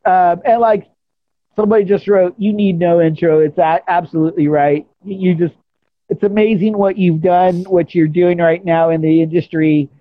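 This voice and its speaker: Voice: mid-range voice, steady tone, moderate pace, dry recording, narrow, tinny audio. An interview host on a video call, effusive and enthusiastic, with hesitant phrasing. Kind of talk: casual interview conversation.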